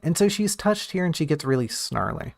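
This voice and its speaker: Gravelly man thinking aloud. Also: a little high, very animated, fairly quick, dry recording. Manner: thinks aloud, restarts and self-corrects. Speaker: writer and streamer. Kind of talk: casual thinking-aloud talk on a story draft.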